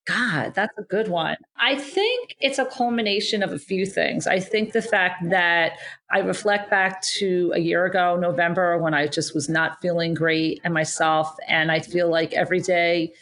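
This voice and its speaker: A woman's voice: lowish voice, moderate pace, fairly bright tone. A woman co-hosting a podcast, talking in earnest, reflective run-on thoughts in casual chat. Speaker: podcast co-host.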